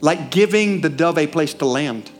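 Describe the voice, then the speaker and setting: A high-voiced male pastor with a Southern US accent preaching in church. He talks animatedly, throws questions at the congregation, and drops to a hush before rising again. Faint music plays behind him. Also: normal speed. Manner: animated, asks the congregation questions, swings from loud to hushed. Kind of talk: sermon.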